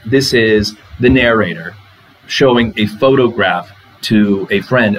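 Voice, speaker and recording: A man's voice: medium pitch, fairly bright tone, rough recording. Man giving a conversational literature lecture. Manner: conversational, asks rhetorical questions.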